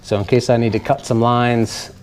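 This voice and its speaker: Everyday guy, mid pitch, relaxed, filler-heavy gear walkthrough in a garage. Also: normal speed, a little hiss or hum. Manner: relaxed, chatty, frequent fillers. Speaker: paramotor reviewer. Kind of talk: casual on-camera gear walkthrough. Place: garage, indoors.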